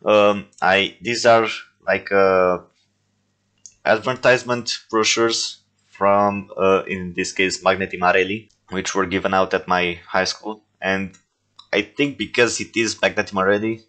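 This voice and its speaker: Low-voiced man in laid-back commentary. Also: measured pace. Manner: relaxed, rambling, lots of "uh" fillers. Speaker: filmmaker reviewing his own films. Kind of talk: casual commentary.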